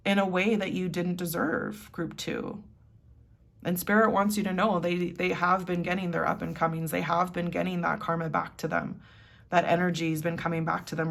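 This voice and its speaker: A woman's voice: fairly low pitch, creaky. A woman doing a casual tarot reading, chatty and giggly, with lots of "like". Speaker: tarot reader.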